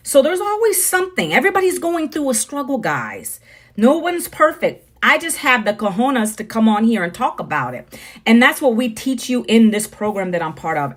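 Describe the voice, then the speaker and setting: A woman's voice: a little high, a bit bright. A woman in her forties hosting a casual livestream from home, chatty and talking straight to her viewers. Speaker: livestream host.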